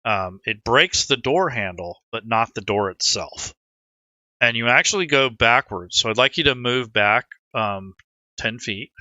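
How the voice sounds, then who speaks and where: A man acting as game master in an online tabletop game, narrating scenes in a relaxed, rambling way and talking players through the rules. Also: mid-range voice, unhurried, no echo, lo-fi sound.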